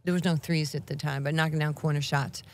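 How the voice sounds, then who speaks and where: A woman in her sixties with a New York accent tells stories with a lot of energy, slipping into quick voices for the people in them. Her voice sits a little low for a woman, and she breaks into laughter often. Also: fairly even intonation, slight background noise. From Brooklyn, New York. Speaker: guest. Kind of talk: animated storytelling.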